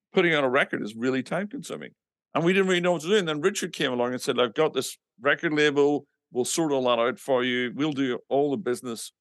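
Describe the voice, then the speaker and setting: A man's voice: medium pitch, a bit bright, no echo, studio quality. A man from England casually telling stories about his band, animatedly acting out quoted dialogue and swearing now and then. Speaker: musician recounting his band's history. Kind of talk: casual anecdotal storytelling.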